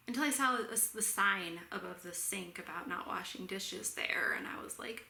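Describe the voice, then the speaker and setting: A young woman talks in a relaxed, rambling way, scattering fillers and quick laughs through her story. Her voice is bright and forward. The room gives it a noticeable echo over a faint background hiss. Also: medium pitch. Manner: chatty, laughs often, many "like" fillers. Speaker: knitting vlogger. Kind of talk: casual storytelling chat. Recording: roomy echo, faint ambient noise.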